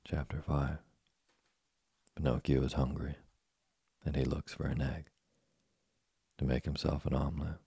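A man with a husky, gravelly voice giving measured, scripted narration of a storybook. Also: extremely low pitch, level tone, dark tone, dry recording, studio quality. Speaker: audiobook narrator.

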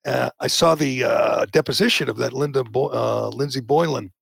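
Gravelly, husky male talk host, indignant, prone to heated outbursts, dry sound. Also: medium pitch, moderate pace, no room sound. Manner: indignant, swings to loud outbursts. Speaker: podcast host. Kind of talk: opinionated political talk.

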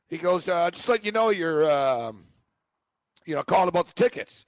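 A man co-hosting a sports talk show who rambles through his stories and slips into the voices of the people he met. His voice sits a little high and the sound is dry and close to the mic. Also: animated, normal speed, no echo. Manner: rambling storyteller, acts out phone calls. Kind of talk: casual chat.

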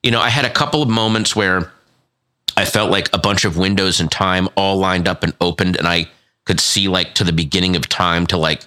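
A man in his fifties chatting casually as a podcast co-host, an animated storyteller who stumbles over restarts. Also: deep voice, brisk, clear, resonant tone. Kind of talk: casual chat.

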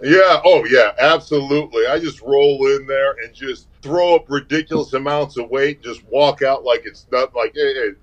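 A man in his fifties, a guest on a casual podcast, telling boastful stories with loud laughing outbursts. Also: mid-range voice, moderate pace, few pauses, highs cut off. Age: 50s.

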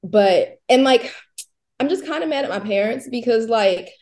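A woman's voice: a little high, normal speed. A woman in her thirties co-hosting a casual chat show, telling rambling stories and acting out what people said. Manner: rambling storyteller, animated quoting. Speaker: co-host.

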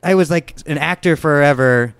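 A man's voice: a little high, moderate pace, clear, resonant tone, dry recording. A young man from Southern California telling casual stories as a podcast guest, loose and swearing. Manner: laid-back storytelling with cursing. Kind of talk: casual chat.

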